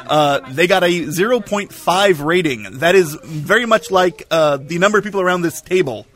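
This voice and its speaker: Man giving a quick podcast rundown. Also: sits high, a bit bright. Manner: quick, joking asides. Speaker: podcast panelist. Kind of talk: casual group chat.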